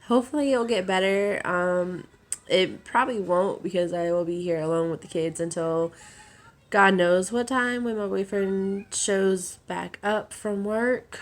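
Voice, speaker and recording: A young woman vlogging after a bad day, hoarse from crying, talking in a subdued, halting way with many fillers. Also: medium pitch, steady tone. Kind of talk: casual vlog.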